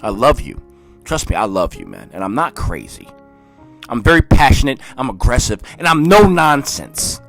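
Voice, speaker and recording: A man reading scripture in a low, dramatic voice and breaking into fiery, shouted commentary, calling listeners "man". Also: wildly swooping pitch, normal speed, vocal fry, faint music behind. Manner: peppers speech with "man". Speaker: Bible reader and preacher.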